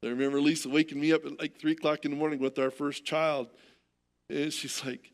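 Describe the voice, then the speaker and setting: A middle-aged American man preaching a sermon as pastor, telling stories in an animated way and often repeating words. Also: a little high, fairly quick.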